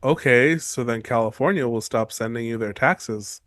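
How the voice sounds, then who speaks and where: A man hosting a casual book podcast, animated and laughing often as he acts out characters. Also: medium pitch, moderate pace, no echo, clean studio sound. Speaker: podcast host. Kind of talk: casual book discussion chat.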